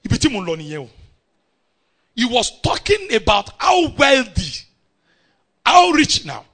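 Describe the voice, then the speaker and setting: A middle-aged man with a Nigerian accent preaching a sermon, animated and often breaking into shouts as he calls out to the congregation. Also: very high-pitched, a little slow.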